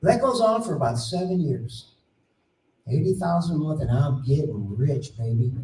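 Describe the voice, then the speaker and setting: A middle-aged man giving a conference talk, telling a folksy story and acting out the dialogue with animated voices. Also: fairly high pitch, normal speed. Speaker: conference speaker. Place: conference room. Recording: roomy, distant mic, faint ambience.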